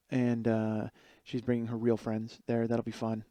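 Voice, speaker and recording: A man's voice: mid-range voice, completely flat delivery, moderate pace, mellow, dry recording. A man in his forties hosting a comedy podcast from a friend's kitchen late at night, rambling and profane, often mocking others in put-on voices. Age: 40s. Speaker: podcast host. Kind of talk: casual comedic monologue.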